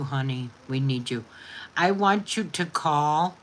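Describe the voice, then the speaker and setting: A woman's voice: deep voice, lively intonation, takes it slowly, a little hiss or hum. A woman hosting a casual livestream, chatting affectionately with viewers and explaining a recipe. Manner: affectionate, reads viewer comments aloud. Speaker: livestream host.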